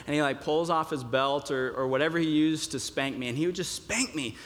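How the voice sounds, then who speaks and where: Young male preacher, slightly high voice, chatty sermon delivery full of fillers, big hall reverb. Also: brisk, a bit bright. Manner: conversational, with many fillers and restarts.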